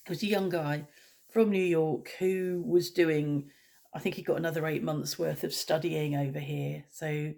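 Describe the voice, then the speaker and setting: Low, gravelly-voiced woman chatting. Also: fairly even intonation, normal speed, darkish tone. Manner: opinionated, blunt. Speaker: vlogger. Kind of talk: casual rambling chat.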